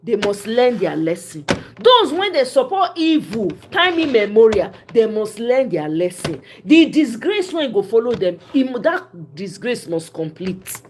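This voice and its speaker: A woman with a Nigerian accent hosts casual political commentary, switching freely into Pidgin with a lively, emphatic flow. Her voice sits a little on the high side. She laughs easily between points. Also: unhurried, a little hiss or hum. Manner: animated, mixes Pidgin, laughs often.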